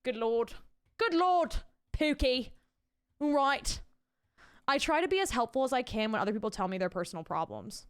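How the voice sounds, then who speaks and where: A woman's voice: on the high side, expressive, fairly quick, clean tone. A young adult woman, streaming and chatting casually, bubbly and rambling as she thanks her chat.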